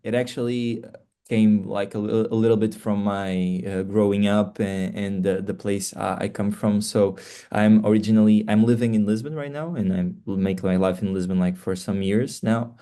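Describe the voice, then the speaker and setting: Man, Portuguese accent, young adult, earnest, filler-heavy, mellow tone, flat delivery. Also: on the low side, normal speed, clear, resonant tone. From Portugal (Faro). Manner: earnest, many fillers and restarts. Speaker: singer, guest. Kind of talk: casual interview chat.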